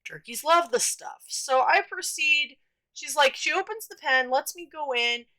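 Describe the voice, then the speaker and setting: A woman's voice: sits high, unhurried, sharp tone, rough recording. A young woman casually telling stories from her childhood, chatty and rambling with lots of fillers and restarts. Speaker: storytime vlogger. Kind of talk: casual storytelling.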